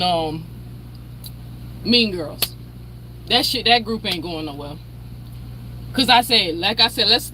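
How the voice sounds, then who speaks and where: This woman has a mid-range voice with a bright, forceful edge, recorded over slight background noise. She's a commentary channel host in the middle of a heated personal rant, swearing, confrontational, and calling someone out by repeating their name.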